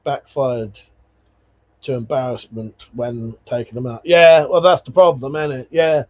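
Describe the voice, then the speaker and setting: Swearing bloke on a lo-fi stream. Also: male voice, medium pitch, steady tone, unhurried, a little mellow. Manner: swearing, laughing, rambling anecdotes. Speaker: livestream host. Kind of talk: casual livestream chat reading viewer comments. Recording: dull lo-fi stream audio.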